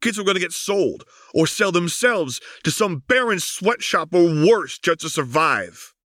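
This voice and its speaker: A bitter, streetwise young man from the slums, blunt and heated, read by a man. The voice is low and deep. The storybook recording is dry and close. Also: normal speed, no room sound, lightly acted. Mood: passionate.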